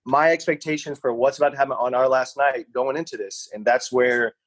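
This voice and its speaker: A man's voice: medium pitch, brisk, no echo, rough recording. A young man on a podcast, rambling through a personal story and acting out what people said. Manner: rambling, animated anecdote with voiced quotes. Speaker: podcast co-host. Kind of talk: casual storytelling.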